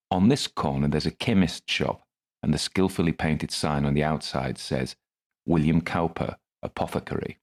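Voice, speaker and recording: A man's voice: a bass voice, a little mellow. A man narrating his own first-person story in a dry, wry manner.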